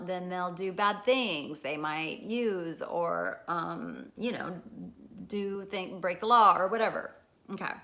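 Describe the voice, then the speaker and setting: Bright-voiced, candid middle-aged woman. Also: on the low side. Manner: candid, swears freely, acts out quoted people. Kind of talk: casual spoken talk.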